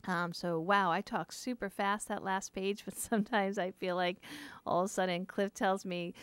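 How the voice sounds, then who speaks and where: A woman hosting a radio health talk show, her voice smooth and clean. She speaks briskly and with enthusiasm, with plenty of ums. The sound is dry and close to the mic. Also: mid-range voice, steady tone, dry recording.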